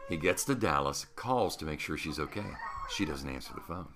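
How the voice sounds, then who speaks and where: A man's voice: a bass voice, brisk. A man in his sixties, a longtime radio host, telling stories in an interview with lots of laughter. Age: 60s. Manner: animated storyteller, laughs through stories. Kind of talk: storytelling interview.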